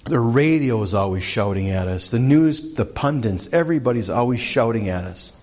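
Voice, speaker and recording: A man's voice: mid-range voice, lively intonation, moderate pace, darkish tone, dull audio. A man preaching a sermon as pastor, conversational, asking the congregation questions.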